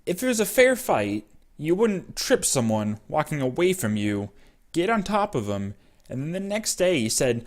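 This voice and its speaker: A man's voice: fairly high pitch, big pitch swings, moderate pace. Rambling young man telling a story. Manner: rambling with many fillers. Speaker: vlogger. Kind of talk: casual storytelling.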